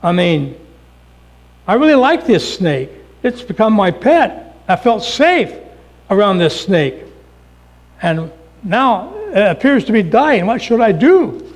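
A man's voice: high voice, very animated, measured pace, a little mellow, voice pushed up, exaggerated voice. A man preacher voicing a grieving young woman, speaking in a raised, earnest, pleading way.

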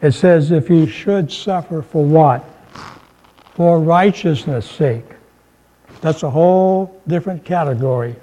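A man's voice: on the high side, unhurried, mellow, low-quality recording. A man preaching a sermon in a conversational way, mixing humor and scripture and lifting his voice for emphasis. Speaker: pastor.

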